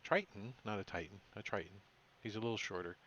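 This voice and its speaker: A man running a tabletop game as game master, recapping the session in a halting way with many fillers and self-corrections. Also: on the low side, a bit bright, lo-fi sound.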